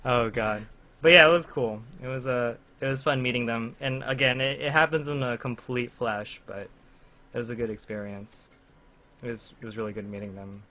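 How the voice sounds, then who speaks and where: A young man co-hosting a podcast chats casually with friends, rambling through a story full of fillers and laughter. His medium-pitched voice is bright and forceful with fairly even intonation at a normal speed, and there's a little hiss or hum.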